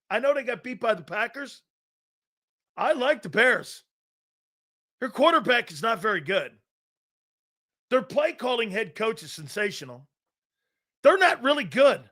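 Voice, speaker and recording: A high-pitched male sports talk host with a bright, edgy voice fires off blunt, profane opinions on a live show. He mocks players and coaches in a brash, cutting way.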